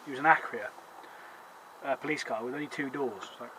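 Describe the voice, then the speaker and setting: Fast-talking man, bright tone. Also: mid-range voice, low-quality recording. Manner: quick, chatty, agreeable. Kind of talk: casual chat. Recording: faint background noise.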